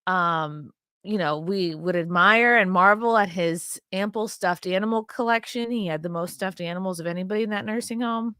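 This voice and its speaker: A woman's voice: mid-range voice, normal speed, a bit bright, clean tone, no room sound, clean studio sound. A woman hosting her own show, giving blunt, profane and rambling commentary on video clips with a sarcastic edge. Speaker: host.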